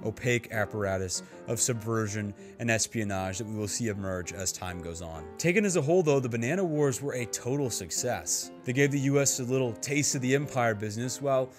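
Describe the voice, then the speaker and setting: A man's voice: medium pitch, brisk, few pauses, over music. Sardonic man narrating a video essay. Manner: sardonic, dry jokes. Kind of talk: scripted narration.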